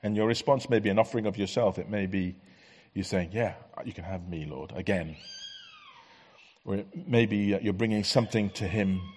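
Husky, low-voiced preacher. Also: male voice, moderate pace. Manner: earnest, conversational preaching with soft dropping asides. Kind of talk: sermon. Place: church.

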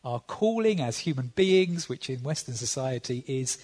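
A man's voice: medium pitch, expressive, normal speed, darkish tone. A man, a visiting preacher giving a sermon in a conversational, dry-humored way with frequent fillers.

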